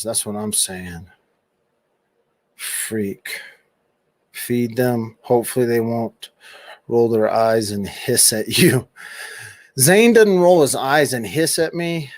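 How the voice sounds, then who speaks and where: A man's voice: mid-range voice, slow, darkish tone, no room sound. A middle-aged man hosting a casual late-night livestream from home, reading out viewers' chat comments and teasing them back. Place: home room at a computer.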